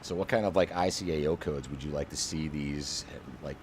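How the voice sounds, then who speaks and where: Very deep-voiced man calling a sim flight. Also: a little fast, a little hiss or hum. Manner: enthusiastic, explains as he flies. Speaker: flight sim channel host. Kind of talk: casual co-op flight sim chat.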